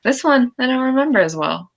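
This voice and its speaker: A woman's voice: sits high, animated, a little fast, gravelly, muffled recording. A young woman co-hosting a podcast, casually recapping a TV episode, bluntly quoting characters and swearing. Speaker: podcast co-host.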